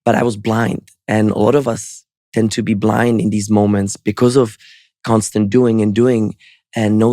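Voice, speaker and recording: Podcast guest, man, gravelly voice, earnest reflective delivery, dry close mic. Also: mid-range voice, darkish tone, dry recording. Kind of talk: storytelling interview answer.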